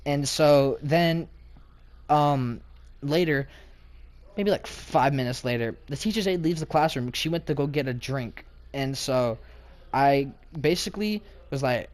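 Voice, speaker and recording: A man's voice: mid-range voice, moderate pace. A man telling a casual storytime about a clash with his teacher, slangy, rambling and indignant.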